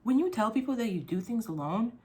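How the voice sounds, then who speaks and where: A young adult woman vlogging in casual chat, rambling and swearing freely, her voice jumping up when she gets excited. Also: fairly high pitch, brisk.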